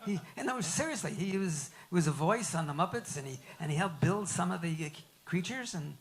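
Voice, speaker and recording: An older man, a guest on a live comedy talk show, speaking haltingly and repeating words as he searches for them. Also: high voice, animated. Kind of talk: casual talk-show chat.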